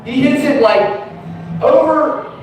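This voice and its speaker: A young male open mic comedian from Virginia Beach rambles through a profane story, cutting himself off and circling back. His voice sits high for a man. The sound is very echoey and distant, with faint noise behind it. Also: slow. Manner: profane, rambling, self-interrupting. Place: comedy club stage.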